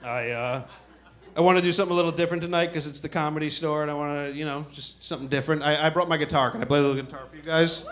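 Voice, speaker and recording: A man performing a stand-up comedy set on a club stage, telling a story in an animated way and acting out other people's voices. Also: a little high, rapid-fire, slight background noise. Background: audience laughter.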